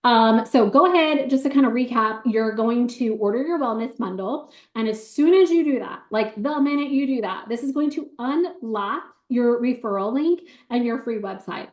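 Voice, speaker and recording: A woman giving an excited, bubbly sales pitch on a video call, talking fast with many ums. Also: roomy sound.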